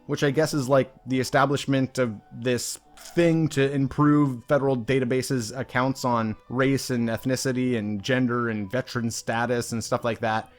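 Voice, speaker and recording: A young man with a medium-pitched voice reviewing a book, dry and sarcastic, often mocking what he reads. Faint music sits quietly behind his talk. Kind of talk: casual commentary video.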